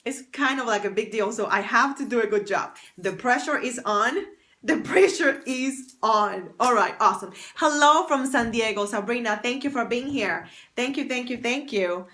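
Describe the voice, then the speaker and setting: A little fast, high-ish, pushed and bright, this woman hosts a casual phone livestream through an external mic. She's a fashion stylist and confidence coach who chats bubbly and warmly, thanking viewers by name.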